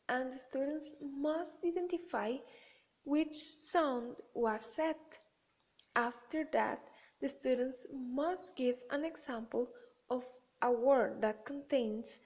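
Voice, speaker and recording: A woman with a high voice reads a class presentation aloud. Her pace is slow and measured, each phrase set down with care. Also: darkish tone. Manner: careful, measured reading.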